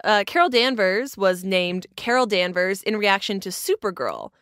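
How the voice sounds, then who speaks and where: Smooth-voiced woman explaining comic trivia. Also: medium pitch, sing-song, normal speed, fairly bright tone, no room sound, clean studio sound. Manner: explains facts at length with fillers and restarts, patiently. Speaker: podcast host presenting comic history. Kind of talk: casual podcast chat.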